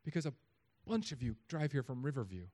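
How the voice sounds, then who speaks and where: Animated, joking male preacher. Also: medium pitch, brisk. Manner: animated, swings from loud emphatic peaks to quiet asides; conversational and joking. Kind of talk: sermon.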